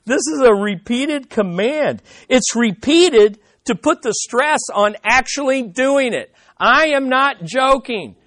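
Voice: high-pitched, animated, takes it slowly, few pauses, a bit bright, dry recording. Emphatic preacher with a dry sound. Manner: emphatic, repeats key points; conversational, asks the listeners questions. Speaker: pastor. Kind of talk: sermon.

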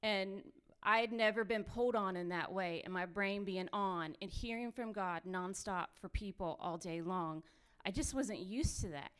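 A woman telling her own mission trip story with lively, run-on phrasing, laughing often as she goes. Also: medium pitch, normal speed, hardly any pauses, smooth. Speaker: missionary sharing testimony. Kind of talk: animated personal storytelling.

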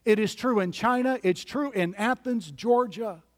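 A man's voice: high voice, a little slow, big-room sound. A man preaching a sermon as pastor, emphatic and building through repeated lists.

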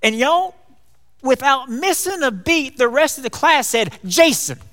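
A man preaching a folksy, animated sermon, calling his congregation y'all. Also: very high-pitched, a little slow. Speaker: pastor. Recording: long hall reverb.

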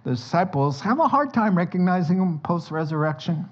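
A man delivers a sermon in a fairly high voice, acting out sounds and voices as he tells stories. The recording is dull and lo-fi, with the top end rolled off. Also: a little fast. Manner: lively storytelling, acts out sounds and dialogue. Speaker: pastor.

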